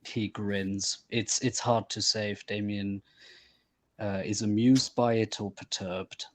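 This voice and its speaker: A man taking part as a player in a tabletop game, describing his character's moves slowly and evenly. His voice sits a little low and barely rises or falls. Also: steady tone. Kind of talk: tabletop role-play.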